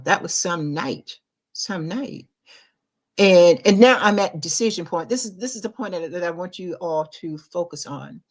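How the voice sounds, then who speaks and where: A middle-aged woman with a slightly low voice delivers an inspirational faith talk as a podcast host. She speaks in an emphatic, confiding way, pressing hard on some phrases and dropping to near-quiet reflection on others. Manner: emphatic and confiding, swinging between loud urgency and quiet reflection.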